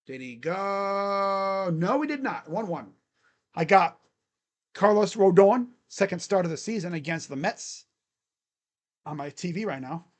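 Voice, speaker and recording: A man doing excitable live play-by-play as a fan, cheering, chanting and grumbling at his team. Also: high voice, normal speed, long pauses. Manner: animated, cheering and chanting, swings to muttered grumbling. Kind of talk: excited live game commentary.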